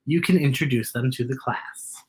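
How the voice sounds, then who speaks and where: A woman reading as a gentle schoolteacher. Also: a bass voice, moderate pace. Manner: gentle, apologetic. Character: kind female schoolteacher.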